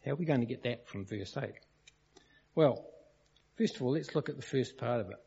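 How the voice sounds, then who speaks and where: Husky-voiced man preaching in a reverberant hall. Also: medium pitch, lively intonation, fairly quick, dark tone. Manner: storytelling, questions the congregation. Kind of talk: sermon. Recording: dull lo-fi recording in a reverberant hall.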